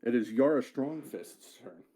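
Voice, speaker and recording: A man's voice: medium pitch, expressive, measured pace, mellow. A man narrating a tabletop game as game master, casual, often swearing and correcting himself mid-sentence.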